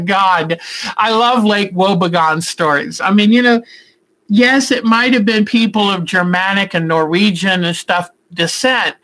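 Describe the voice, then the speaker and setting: A middle-aged woman hosts a quilting live stream from home, chatting warmly with viewers and answering their comments in a rambling, affectionate way. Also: mid-range voice, rough recording. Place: indoors at home at a computer.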